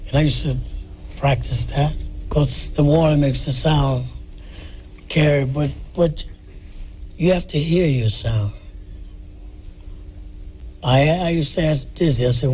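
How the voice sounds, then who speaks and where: A man reminiscing in an interview, speaking haltingly and softly. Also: fairly high pitch, slightly rough. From United States. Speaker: interview guest.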